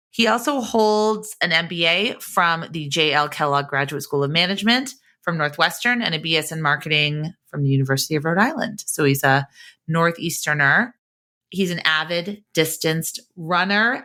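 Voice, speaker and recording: A woman's voice: deep voice, pushed and bright. A woman hosting a nonprofit podcast, upbeat and enthusiastic as she introduces her guest. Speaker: podcast host. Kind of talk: podcast interview.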